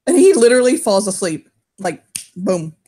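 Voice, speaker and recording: Husky woman narrating a tabletop game. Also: medium pitch, big pitch swings, moderate pace, warm tone. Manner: rambling, swears, many fillers and restarts. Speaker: game master.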